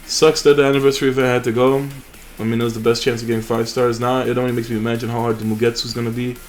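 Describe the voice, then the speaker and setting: A man's voice: mid-range voice, little pitch movement, very fast, faint music behind. A young man hosting a mobile game channel, chatting casually and rambling with fillers and restarts over his gameplay.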